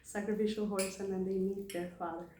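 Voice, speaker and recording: A woman's voice: mid-range voice, level tone, a little fast, dark tone, roomy sound, a little hiss or hum. Chatty woman retelling scripture stories. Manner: chatty, laughs often. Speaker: devotee telling scripture stories. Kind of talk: casual storytelling talk.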